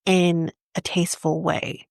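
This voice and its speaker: Opinionated woman with a gravelly low voice. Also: level tone, a little slow, no echo, clean studio sound. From Canada. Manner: opinionated, emphatic, self-interrupting. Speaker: podcast co-host. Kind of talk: casual opinion chat.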